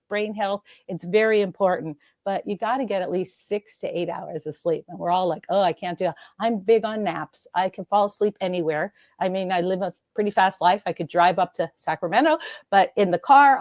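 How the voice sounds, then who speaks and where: Fast-talking bubbly woman, dry sound. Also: mid-range voice, darkish tone, dry recording. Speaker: guest speaker. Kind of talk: lively interview chat.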